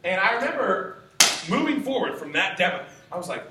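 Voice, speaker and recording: A man's voice: expressive, fast talker. Enthusiastic young man in an echoey room. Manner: enthusiastic, high-energy storytelling. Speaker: sales trainer. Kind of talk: motivational talk to a room. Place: meeting room. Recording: echoey room from far off, faint noise.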